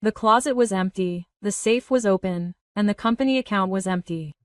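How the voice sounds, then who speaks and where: A woman's voice: mid-range voice, moderate pace, dry recording, clean studio sound, far from the mic, lightly acted. A woman reading a ruined, remorseful grown son. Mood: despairing. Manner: broken, pleading confession.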